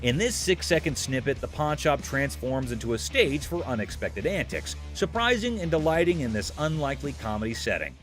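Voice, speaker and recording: A man's voice: mid-range voice, big pitch swings, brisk, hardly any pauses, music in the background. A man narrating a show recap in a scripted, playful, jokey storytelling manner.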